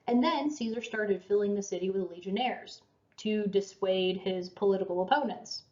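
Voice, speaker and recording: A woman with a mid-range, darkish voice lectures on history at a moderate pace, chatty and self-deprecating, dropping fillers and small laughs. It's a casual recorded lecture, and the audio sounds roomy, dull and lo-fi.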